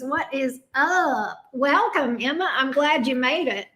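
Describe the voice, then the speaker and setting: High-voiced Southern woman greeting viewers. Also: sharp tone. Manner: chatty, greets viewers by name, drawn-out drawl. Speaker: tarot reader host. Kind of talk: livestream chat. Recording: echoey room.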